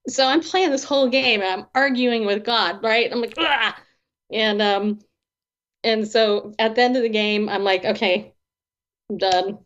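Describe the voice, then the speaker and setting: Woman, interview guest, expressive storyteller, acts out dialogue, frequent laughter, muffled low-fidelity sound. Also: moderate pace. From not from the American South. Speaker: guest author and Christian therapist. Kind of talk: animated personal storytelling. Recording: dull lo-fi audio.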